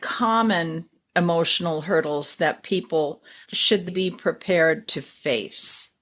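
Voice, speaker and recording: A woman's voice: on the low side, slow pace, a bit bright. A woman hosting an interview, thanking her guest and speaking from experience with clients. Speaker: podcast host.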